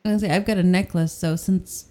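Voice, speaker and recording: A woman's voice: fairly low pitch, steady tone, fast talker, warm tone. A woman playing in a tabletop game, chatty and casual as she narrates her character's actions. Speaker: player.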